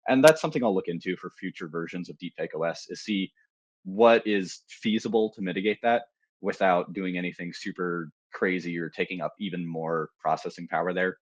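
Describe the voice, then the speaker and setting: A man with a very low voice walks through a live software demo, speaking loosely and informally with plenty of "um"s and restarts. The sound is dry and close, with little room around it. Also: fairly quick, no echo. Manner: casual, loose, with many fillers and restarts. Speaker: security researcher presenting a tool. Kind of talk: live technical demo talk.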